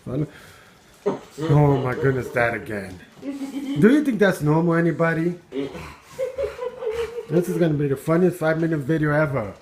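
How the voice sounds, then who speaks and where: A man's voice: a little high, sing-song, moderate pace, long pauses, crowd noise. Amused man narrating his dog. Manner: amused, exclaiming, chuckling often. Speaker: vlogger filming his dog. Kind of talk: casual running commentary. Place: at home indoors.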